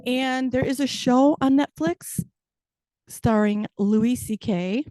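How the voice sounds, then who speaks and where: Middle-aged woman comic, dry self-mockery, slightly high voice, dry sound. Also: slow pace, warm tone, no room sound. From Chicago, US. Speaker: stand-up comedian. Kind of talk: stand-up set on a video call.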